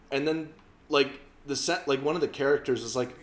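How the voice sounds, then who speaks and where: A man chatting casually over a video game, rambling and stumbling over his own sentences. His voice sits at an ordinary middle pitch. The recording has a roomy echo. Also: brisk. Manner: rambling, self-interrupting banter. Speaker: let's play co-host. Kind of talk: casual gameplay chat.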